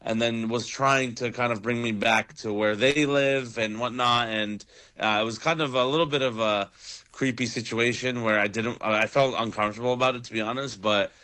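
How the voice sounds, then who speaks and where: A young man from Toronto, a comedian guest, talking in a relaxed, rambling way on radio. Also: medium pitch, moderate pace. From Toronto, Canada. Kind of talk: casual radio interview.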